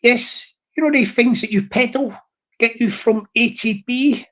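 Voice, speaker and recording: A man's voice: very high-pitched, a little slow, a bit bright, dull audio. A man chatting to his live stream audience in a rambling, teasing way, repeating himself and restarting.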